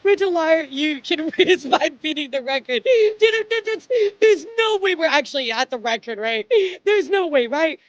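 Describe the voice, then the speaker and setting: A woman's voice: sits high, lively intonation, normal speed, hardly any pauses, no echo, muffled recording. A woman streamer chatting live to her audience, overwhelmed and swearing, calling everyone "dude" and "guys".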